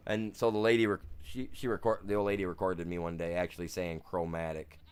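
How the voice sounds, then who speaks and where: A man's voice: sits low, little pitch movement, fairly quick, clear, resonant tone. A man from the United States chatting casually on a game live stream, rambling through stories in a self-deprecating way.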